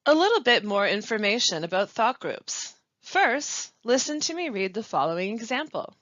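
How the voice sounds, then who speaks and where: Woman running a pronunciation webinar, bouncy up-and-down voice, careful pauses, dry dull mic. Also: fairly high pitch, very animated, fairly bright tone, no room sound. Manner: slow, careful, deliberate delivery with clear pauses. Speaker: language support specialist.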